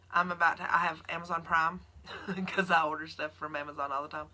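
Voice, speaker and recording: Bright-voiced Southern woman chatting. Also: low-pitched. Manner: chatty, rambling, answers viewer comments. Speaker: keto nurse vlogger. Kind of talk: casual livestream Q&A.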